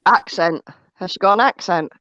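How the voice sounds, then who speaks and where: A woman's voice: mid-range voice, lively intonation, moderate pace, fairly bright tone, no echo. A woman joining a livestream chat remotely, making dry, wry remarks with some swearing. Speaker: panel guest. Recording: dull dry call audio.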